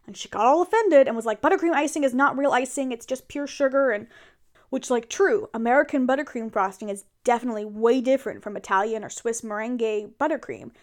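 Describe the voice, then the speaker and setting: A young adult woman in a casual role-play monologue, chatting and venting to her partner in an animated way. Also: fairly high pitch. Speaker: audio role-play performer.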